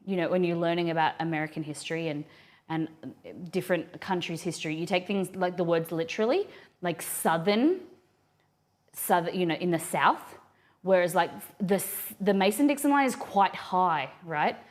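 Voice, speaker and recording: A woman's voice: on the low side, normal speed. Rambling woman chatting while cooking. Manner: rambling, thinking aloud with many restarts. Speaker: cooking streamer. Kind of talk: casual live cooking chat. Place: home kitchen.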